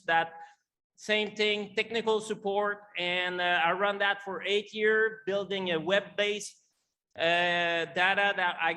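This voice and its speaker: A man's voice: high-pitched, sharp tone. A middle-aged man with a French Canadian accent, a native French speaker, giving a conference talk in English with many fillers and restarts. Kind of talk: conference presentation.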